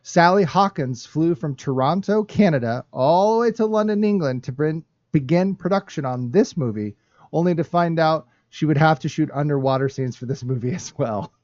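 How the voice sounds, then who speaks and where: A playful man hosts a casual film panel, his voice fairly high and very lively in pitch. The sound is dry and a bit dull, like a lo-fi stream. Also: moderate pace, dry recording. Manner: playful, laughs often, breaks into silly voices. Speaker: podcast host. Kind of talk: casual panel chat with movie trivia.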